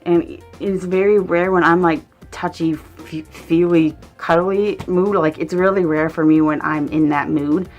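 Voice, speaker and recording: A woman's voice: lowish voice, fairly even intonation, measured pace, few pauses, a little mellow, soft background music. A young woman vlogger telling a casual story. She rambles and swears freely, and fills her sentences with "like".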